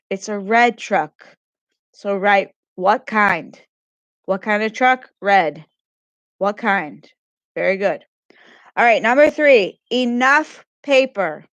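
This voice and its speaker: A woman's voice: medium pitch, fairly bright tone, no echo. A woman teacher giving a grammar lesson to children, patiently repeating questions and praising answers.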